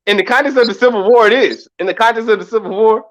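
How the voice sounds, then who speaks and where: A man's voice: high-pitched, fast, fairly bright tone, dull audio. A man arguing in a casual chat, insistent and stammering through repeats.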